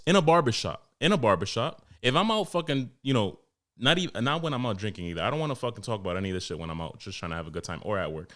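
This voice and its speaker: A young New man hosts his podcast in a loose, profane rant, slipping into quick impressions of the people he talks about. His voice sits on the low side. He swears freely and keeps the pace casual. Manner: profane, animated storytelling with mimicked customers. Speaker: podcast host and barber.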